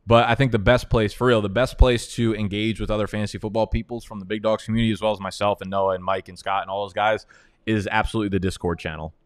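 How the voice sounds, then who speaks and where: Young male streamer, casual trash talk, lowish voice, dry close sound. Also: steady tone, quick pace, clean tone, dry recording. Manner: profane, trash-talking, joking. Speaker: fantasy football analyst. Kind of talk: casual live-stream commentary.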